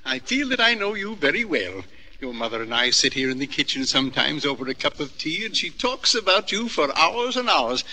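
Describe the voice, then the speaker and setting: An actor playing a timid, lonely elderly lodger who speaks politely and haltingly with many hesitations. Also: male voice, fairly high pitch, very animated, bright, forceful tone, slight background noise, heavily acted. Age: older.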